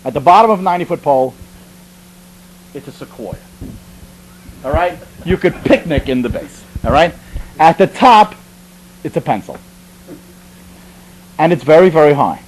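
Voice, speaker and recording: A man's voice: on the high side, a little fast, long pauses, rough recording. A man from the Bronx, telling a comic story about his army training in a chatty way, full of asides and restarts. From the Bronx, New York. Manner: animated, conversational, with frequent asides and restarts.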